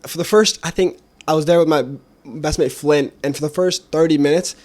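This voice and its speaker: A young man with a somewhat higher-pitched voice hosts a podcast conversation. He talks casually and candidly, with loose slang. His delivery is informal and personal. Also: steady tone, fairly quick, a little mellow. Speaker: podcast host.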